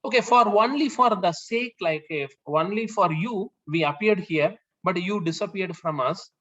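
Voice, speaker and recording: A man leading a scripture class, explaining the verses slowly with many fillers and restarts. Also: high voice, a bit bright. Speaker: class leader. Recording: dull lo-fi sound.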